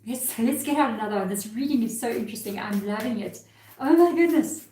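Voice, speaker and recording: A woman's voice: on the high side, fast, a little mellow, reverberant, rough recording. A woman giving a live tarot reading, talking earnestly and emotionally about spirit guides and cards. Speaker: tarot reader.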